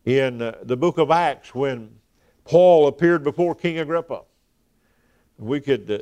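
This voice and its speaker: A man's voice: fairly high pitch, a little mellow. A man preaching an evening sermon, speaking emphatically, repeating key words and letting his phrases fall away at the ends.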